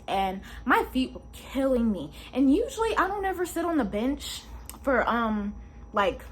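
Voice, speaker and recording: Animated young woman telling a storytime. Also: a little high, slight background noise. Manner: animated, exclamatory, slangy. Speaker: vlogger. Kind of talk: storytime vlog.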